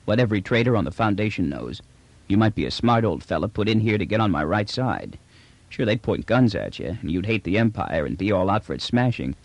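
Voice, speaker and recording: A man's voice: lowish voice, very animated, fairly quick, creaky, dry recording, exaggerated voice. A man doing a brash, blunt space trader. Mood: wry. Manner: blunt, wheedling street talk.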